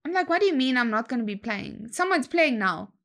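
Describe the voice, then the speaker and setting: A young adult woman, telling a story in a slangy, animated way and acting out other people's lines. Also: high voice, brisk. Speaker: guest DJ. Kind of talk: casual storytelling chat.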